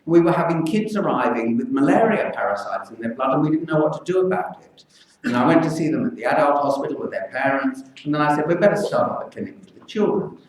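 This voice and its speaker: An older man, a children's physician, speaking earnestly and with measured pauses to a public meeting. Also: on the high side. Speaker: pediatric infectious disease physician. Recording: echoey hall, mic from far off.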